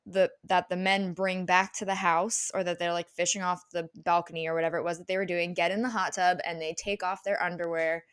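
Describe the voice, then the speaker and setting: A woman co-hosting a podcast in casual chat, upbeat and reading through a list of moments. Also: lowish voice. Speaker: podcast co-host.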